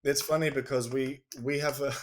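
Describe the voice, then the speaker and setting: A man talking as a podcast guest, telling a personal story in a casual, halting way and acting out what people said. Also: mid-range voice, steady tone. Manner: storytelling, acting out quoted speech; halting, restarts sentences. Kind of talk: casual conversation.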